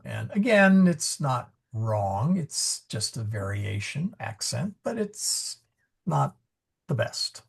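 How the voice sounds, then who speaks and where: A man's voice: on the low side, creaky, breathy edge. A man teaching Latin pronunciation in a live class over a video call, patiently explaining and correcting himself as he goes. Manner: patient, explanatory, self-correcting with frequent fillers.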